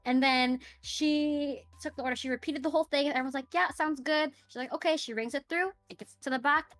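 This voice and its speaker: A woman telling a story in a casual podcast interview, acting out the people in it with animated delivery. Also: high voice, a little fast, no echo. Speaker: podcast guest.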